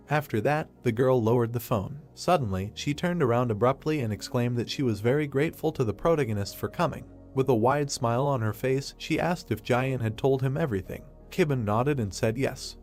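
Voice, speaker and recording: Man, story recap narration, steady third-person telling, faint music underneath. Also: mid-range voice.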